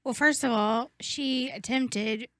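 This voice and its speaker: A woman's voice: on the high side, slow, fairly bright tone, dry recording. A young woman co-hosting a podcast, chatting casually and emphatically, dropping the odd swear word. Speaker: podcast co-host. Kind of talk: casual chat.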